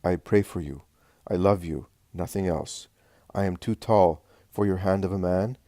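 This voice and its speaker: Male reader playing a calm, loving teacher, low and measured, close and dry. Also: dry recording, natural voice. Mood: earnest.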